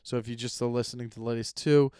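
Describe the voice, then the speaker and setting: A man's voice: medium pitch, fairly even intonation, fast talker, dark tone, clear, resonant tone, no room sound, clean studio sound. A young man hosting his own podcast, chatting casually and rambling, swearing as he vents about his listeners. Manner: rambling, profane, venting. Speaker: podcast host. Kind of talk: casual solo podcast chat. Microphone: close podcast microphone.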